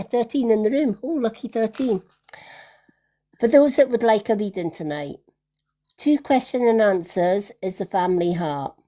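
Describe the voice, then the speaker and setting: A woman's voice: medium pitch, warm tone. A woman hosting a live card reading stream, talking in a soothing, affectionate way and calling listeners honey and lovely.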